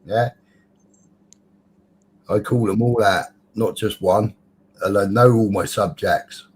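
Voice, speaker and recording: A man, ranting and swearing in casual panel chat, often pausing on fillers. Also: on the low side, breathy edge. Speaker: live-stream panel chatter.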